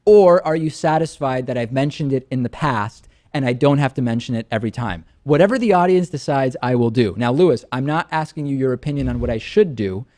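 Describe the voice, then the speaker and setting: A man hosting a talk show, chatting in a dry, measured, lightly joking way. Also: mid-range voice, lively intonation, a little mellow. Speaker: show host. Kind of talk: casual talk show banter.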